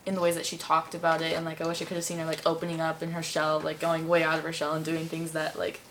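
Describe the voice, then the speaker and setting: A woman's voice: sits low, completely flat delivery, fast talker, fairly bright tone, slight background noise. A young woman rambling in a casual group discussion, full of "like" fillers. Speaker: discussion participant.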